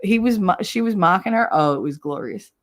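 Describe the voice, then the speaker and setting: A woman from New Jersey hosts a livestream, chatting casually at a brisk pace. She's animated and chatty, laughs often, and bursts into high yelling when she acts things out.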